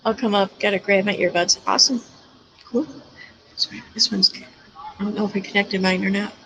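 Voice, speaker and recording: A woman's voice: medium pitch, fairly even intonation, a little fast, noisy background. Chatty woman hosting a livestream. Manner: chatty, laughs often. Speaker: livestream host. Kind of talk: casual chat with callers.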